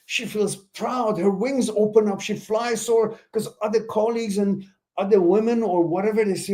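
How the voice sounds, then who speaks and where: Answering viewer questions on a live stream, this host delivers blunt, animated relationship advice at a normal speed. He's preachy and emphatic, with outbursts where his voice jumps high, plus laughter and asides along the way.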